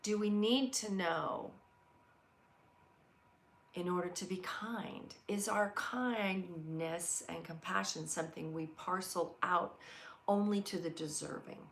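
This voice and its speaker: Middle-aged woman, live inspirational host, low and gravelly, earnest storyteller. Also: steady tone, takes it slowly, a bit bright. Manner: earnest, storytelling, reads viewer comments aloud. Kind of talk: heartfelt live motivational talk.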